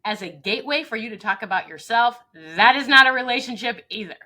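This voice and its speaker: Her voice is a little high and a little fast, bright and pushed, with lively intonation. She's a leadership coach in an interview conversation, speaking earnestly and emphatically and acting out small dialogues.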